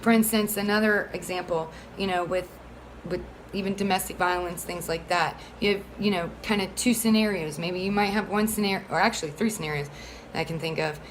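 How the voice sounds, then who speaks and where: A woman's voice: fairly low pitch, fairly quick, few pauses, slight background noise, poor audio. A woman speaking as a single mother, pleading earnestly for support of a bill in a rambling, heated way full of fillers. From Florida. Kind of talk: casual advocacy monologue.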